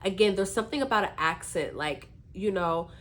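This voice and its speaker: A woman's voice: medium pitch, fairly quick. A woman from the northern US East Coast giving a chatty, loose tarot reading to her viewers, full of fillers and asides. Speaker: tarot reader.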